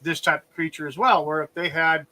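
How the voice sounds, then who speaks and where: A man's voice: on the high side, steady tone, fairly quick, sharp tone, rough recording. A man chatting casually on a livestream, rambling and explaining through analogies.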